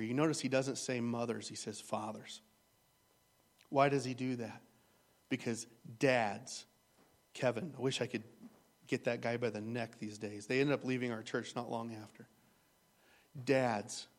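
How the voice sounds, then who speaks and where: A man's voice: mid-range voice, fairly even intonation, unhurried. A man preaching a sermon as pastor, retelling a story in an earnest, emotional way.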